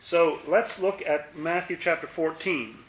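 A man's voice: on the high side, measured pace, fairly bright tone, slight background noise. A man leading a Bible study in a conversational way, repeating words and asking his listeners questions. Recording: echoey room, muffled lo-fi sound.

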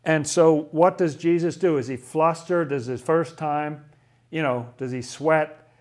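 A man's voice: fairly high pitch, fairly even intonation, a little slow. A man leading a casual Bible study, talking through a passage and asking lots of questions, with frequent restarts. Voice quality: asks lots of questions, chatty, stumbles and restarts.

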